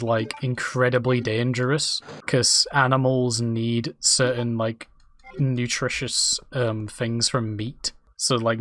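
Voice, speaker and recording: A man's voice: medium pitch, fairly bright tone, a little hiss or hum. A man giving crude, rambling, jokey commentary while streaming a game. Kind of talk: casual gameplay commentary.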